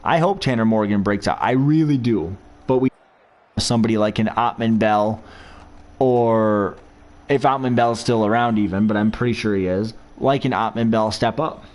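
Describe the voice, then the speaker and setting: A man's voice: on the low side, moderate pace, a little mellow. Chatty man. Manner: chatty, rambling, reminiscing about college football. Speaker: gamer playing a football video game. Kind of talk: casual gameplay commentary.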